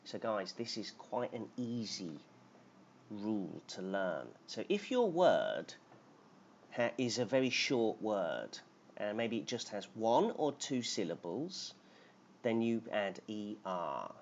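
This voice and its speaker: A man's voice: lowish voice, sing-song, slow pace. A man teaching English grammar on a live stream, explaining patiently and reading out names from the chat. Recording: dull lo-fi stream audio with faint noise.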